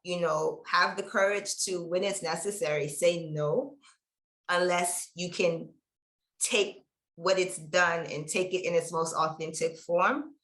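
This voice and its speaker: A woman's voice: lowish voice, fairly even intonation, unhurried, fairly bright tone. A woman on an online panel talking emphatically and reflectively over a video call. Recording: echoey room.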